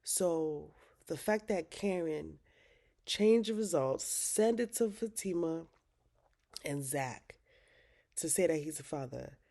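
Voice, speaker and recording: A woman with a low, mellow voice runs through a TV episode recap. Her talk is loose and slangy, with frank swearing dropped in casually. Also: expressive, takes it slowly, vocal fry, long pauses. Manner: slangy, candid, swears freely. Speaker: TV recap vlogger.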